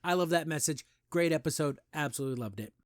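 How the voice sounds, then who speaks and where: Excitable man gushing over a cartoon. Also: fast, no echo, clean studio sound. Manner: enthusiastic, rambling, heavy on "like" and "you know"; pitch jumps up when praising. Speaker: host of a cartoon review show. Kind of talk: casual episode review.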